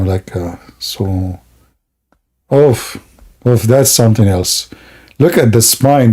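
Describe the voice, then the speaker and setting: Gravelly, husky man mocking on a livestream. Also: lowish voice, dark tone. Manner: mocking, laughing, theatrical asides. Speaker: streamer. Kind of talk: sarcastic livestream monologue.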